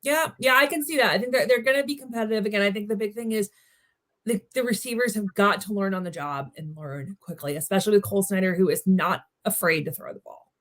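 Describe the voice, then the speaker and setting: A woman from Maryland talks sports as a guest on a podcast, her voice sitting at an ordinary middle pitch. She is chatty and eager, peppering her speech with "you know" and restarting sentences as she goes. She is heard over a video call. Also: fast talker, a bit bright. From Maryland, United States. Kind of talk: casual podcast interview.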